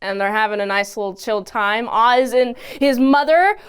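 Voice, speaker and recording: A woman giving a casual, animated recap of a TV episode, often exclaiming and acting out the characters' lines. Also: fairly high pitch, moderate pace, smooth. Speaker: TV episode reviewer.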